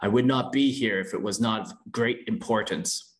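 A man reading as a calm, earnest god-king. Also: lowish voice, normal speed, close to an everyday voice. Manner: calm, pleading, formal. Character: godlike male warrior-king, calm and earnest.

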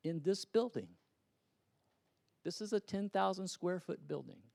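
A middle-aged pastor preaching in a church with a slightly raised voice. He rises into loud, urgent appeals and drops into hushed, casual anecdotes. The sound is close and dry, with little room echo. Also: sits high, lively intonation, measured pace, gravelly. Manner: impassioned, swings from loud urging to quiet storytelling. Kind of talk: sermon. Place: church sanctuary.

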